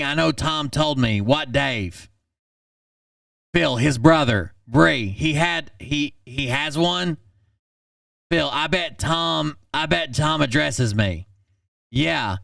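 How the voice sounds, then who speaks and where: A man hosting a channel, reading text messages aloud in a flat, deadpan way and adding blunt asides. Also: a little high, gravelly, no room sound, studio quality, far from the mic.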